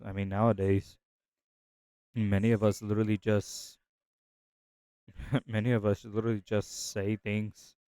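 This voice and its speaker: A man's voice: fairly low pitch, darkish tone, clear, resonant tone, dry recording. A man hosting a Bible reading channel, reflecting in a casual, rambling way with frequent restarts and filler words.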